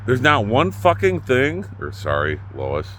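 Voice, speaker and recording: A middle-aged man hosting his own channel, ranting unscripted to the camera, blunt and profane, swinging from loud outbursts to low muttering. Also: huge pitch swings, measured pace, a little hiss or hum. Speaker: YouTube channel host.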